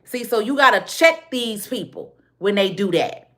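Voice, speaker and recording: A woman's voice: mid-range voice, lively intonation, moderate pace, fairly bright tone. Blunt Chicago woman ranting on a livestream. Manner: blunt, repetitive, street-slang. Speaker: livestream host. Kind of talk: casual livestream rant.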